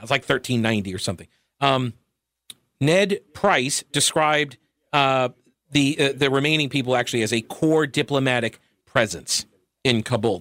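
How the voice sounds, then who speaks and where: A man's voice: fairly high pitch, a bit bright, no echo. A man hosting a talk radio show, giving sarcastic commentary with wry laughs into a studio microphone.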